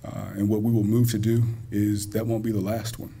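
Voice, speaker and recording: A man speaking as a college president gives a public speech at a community banquet in a school hall, folksy and joking as he talks straight to the audience. His lowish voice is brisk, creaky, mellow and husky, with little pitch movement.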